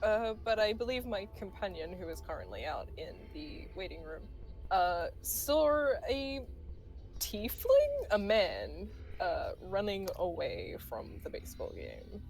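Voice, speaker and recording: A woman voices her character in a tabletop game, halting and polite. Her pitch moves a lot from phrase to phrase. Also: huge pitch swings, a little mellow, soft background music, rough recording. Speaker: player.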